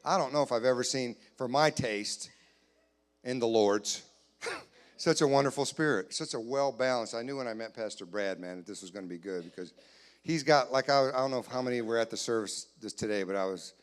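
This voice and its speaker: A man doing a stand-up comedy set in a church, playfully acting out both sides of conversations with loud put-on voices. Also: medium pitch, brisk. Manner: playful, jumps to loud acted voices for his wife and himself. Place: church sanctuary, live audience.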